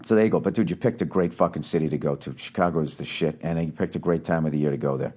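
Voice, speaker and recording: A man's voice: very deep voice, rapid-fire, darkish tone. A man hosting a podcast, giving comedic advice in a blunt, swearing, rambling rant. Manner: blunt and profane, lots of swearing; loose and rambling, with fillers and restarts. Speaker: podcast host answering a listener's letter.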